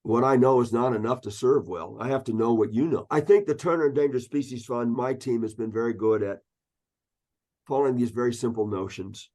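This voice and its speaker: A man's voice: mid-range voice, fairly quick, darkish tone. A man in his sixties, an ecologist guest, telling anecdotes in an interview and acting out the voices of people he quotes. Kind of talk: storytelling interview.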